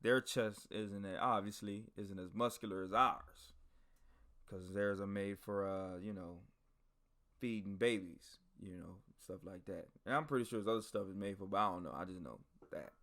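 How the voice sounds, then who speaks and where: A man's voice: low voice, normal speed. Profane, chatty male podcast host. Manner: profane, animated, talks straight to listeners. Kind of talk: casual storytelling.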